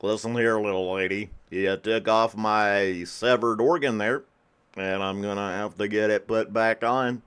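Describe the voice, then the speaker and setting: A man doing a slow-drawling gruff cowboy. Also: on the low side, steady tone, a bit bright, pitched below the performer's own voice. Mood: scolding.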